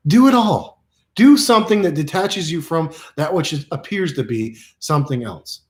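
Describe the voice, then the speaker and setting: Rambling playful man, slightly high voice. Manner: rambling, playful, repeats phrases, drops to a hush for meditation. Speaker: self-help speaker. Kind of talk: casual motivational monologue.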